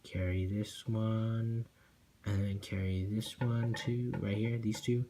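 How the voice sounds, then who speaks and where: A man's voice: on the low side, moderate pace, dark tone, slight background noise. A man teaching a cello piece, singing the rhythms aloud as "da, da" and often checking in with "okay?", with casual apologetic asides. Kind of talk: music lesson walkthrough.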